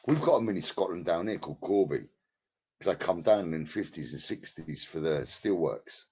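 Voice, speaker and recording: A very deep, gravelly man rambles through a casual live stream from his flat, swearing freely and bantering with viewers by name. His voice is husky and worn, heard through a headset. The sound is dull and lo-fi. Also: normal speed. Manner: rambling, crude and profane, banters with chat by name.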